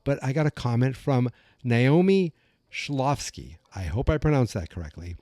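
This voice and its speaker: Calm American male podcast host, low-key warm tone, rambling chatty delivery. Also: normal speed, dry recording. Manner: calm, rambling, self-correcting. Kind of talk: casual chat.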